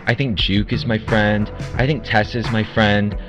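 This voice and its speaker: A man's voice: lowish voice, steady tone, unhurried, muffled recording, music in the background, natural voice. A man playing a chatty, defensive young contestant in an improvised comedy audio drama, talking in a rambling, theatrical way. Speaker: comedy performer.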